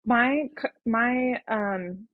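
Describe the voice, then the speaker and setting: A woman's voice: fairly high pitch, very slow, no echo, narrow, tinny audio. A woman, a brand coach and guest, talking in a casual, thoughtful and enthusiastic way with many "um"s and "like"s. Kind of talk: casual interview talk.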